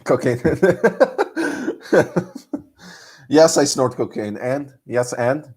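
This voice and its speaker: A man's voice: mid-range voice, sing-song, drawn-out words, darkish tone, husky. A man from Serbia, chatting casually on a live stream, joking and laughing often between lines.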